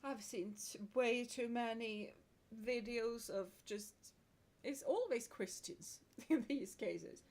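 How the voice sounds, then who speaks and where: Laughing Swedish woman streamer, high voice. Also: slow, darkish tone. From Sweden. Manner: chatty and frank, laughs between remarks. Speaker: VTuber streamer. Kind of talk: casual chat while streaming a game.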